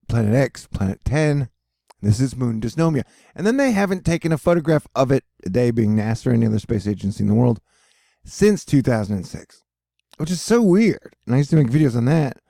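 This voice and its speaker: In his own weather and space video, a man rambles over weather maps, joking and swearing as he loses his thread. He speaks at a medium pitch with vocal fry and a dark tone. Clean studio sound, no echo.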